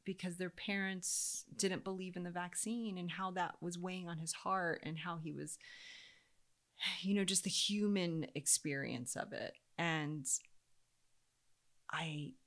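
A woman in her thirties tells a personal story, her voice sitting a little low. She talks casually and with animation, acting out the people she quotes and laughing along the way. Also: a little slow, fairly bright tone. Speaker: parent telling a personal story.

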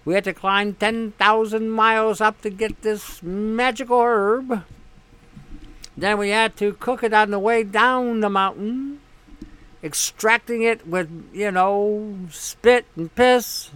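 A man's voice: fairly even intonation, slow, a bit bright, smooth, rough recording. A man playing a boastful quack herb seller. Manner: mock-grand sales pitch. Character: hyping male quack herb seller, pompous.

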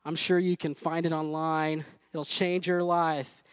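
A man's voice: on the high side, flat delivery, measured pace, clear, resonant tone, dry recording. A man preaching a sermon in a conversational way, with asides and light jokes, speaking to a room. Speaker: pastor. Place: church room.

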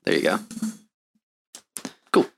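A man's voice: slow, a little hiss or hum. A man playing a tabletop game, casual and joking.

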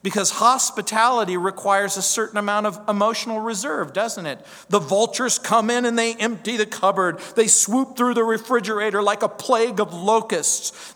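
A man's voice: high-pitched, moderate pace, few pauses, fairly bright tone, long reverb tail. A male pastor preaching a verse-by-verse sermon, emphatic, stacking repeated phrases and rhetorical questions.

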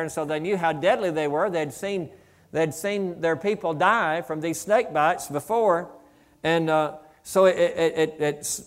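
Fervent high-voiced male pastor preaching. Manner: fervent, building to loud exclamations of praise; conversational asides with restarts. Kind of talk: sermon.

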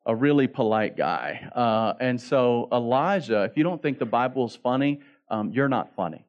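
Speaking at a moderate pace with a medium-pitched voice, this man preaches in a relaxed, humorous manner, voicing the characters of the story himself. The recording has its highs cut off.

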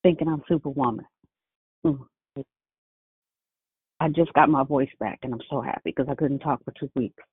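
A woman calling in who shares openly, in a halting and emotional way, with a husky voice. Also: extremely low pitch, no echo. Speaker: caller. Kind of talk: personal sharing on a call. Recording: tinny phone line, dry.

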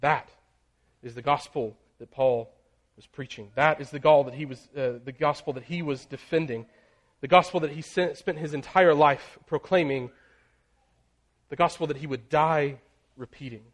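Man preaching, dropping soft on key words. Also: fairly even intonation. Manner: builds in pitch and volume on emphatic lists; slows and drops very soft on key phrases. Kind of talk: sermon.

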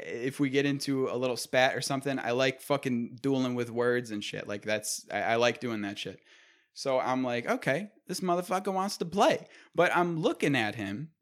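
A man in his twenties telling a story in casual, profane chat, acting out what people said. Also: medium pitch. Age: 20s.

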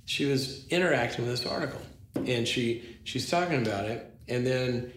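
A man's voice: mid-range voice, normal speed. A man with a mid-range voice tells a story in conversation, acting out both sides of the dialogue with plenty of restarts. He sounds like a psychologist speaking in a roomy space, with a faint hiss in the background. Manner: animated, acts out dialogue, frequent restarts.

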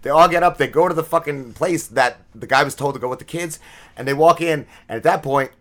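Man, podcast co-host, bright tense tone, loose profane rambling recap. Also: a little high, brisk. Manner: rambling, profane, many fillers and restarts. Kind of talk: casual episode recap.

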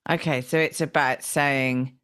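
A woman's voice: rumbling low, steady tone, measured pace, fairly bright tone, clear, resonant tone. A woman hosting a podcast, asking tentative questions to check her understanding. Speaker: podcast host. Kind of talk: interview questions.

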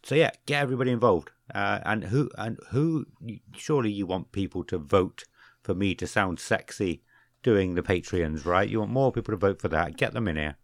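Deep-voiced joking man on a podcast. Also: no echo, clean studio sound. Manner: joking, self-correcting, drawn-out readings of names. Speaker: podcast co-host. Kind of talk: casual podcast chat.

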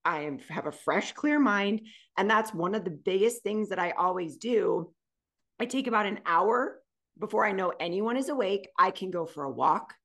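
Middle-aged woman co-host, casual and heartfelt, average pitch, gushing delivery. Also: expressive, normal speed, fairly bright tone. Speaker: podcast co-host. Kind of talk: casual chat.

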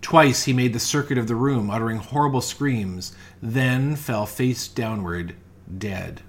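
A man's voice: mid-range voice, a little slow. Man reading a ghost story. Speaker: reader.

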